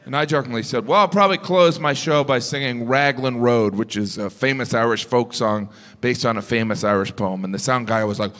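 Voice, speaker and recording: A middle-aged man from the United States doing a stand-up comedy set, deadpan and observational, jumping into high-pitched asides. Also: a little fast. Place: large theater before a live audience. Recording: reverberant hall with live audience noise.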